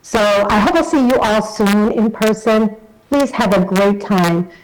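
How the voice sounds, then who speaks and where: A woman's voice: mid-range voice, unhurried, low-quality recording. Chatty American woman in a video message. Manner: warm, chatty and enthusiastic, with light self-deprecating humour. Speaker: association chief executive. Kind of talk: recorded video message to a conference. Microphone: self-recorded video message.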